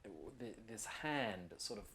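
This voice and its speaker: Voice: medium pitch, lively intonation, normal speed, a bit bright. Brief: game master, meandering narration, faint background hiss. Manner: rambling, many ums and restarts. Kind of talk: narrating a tabletop horror game.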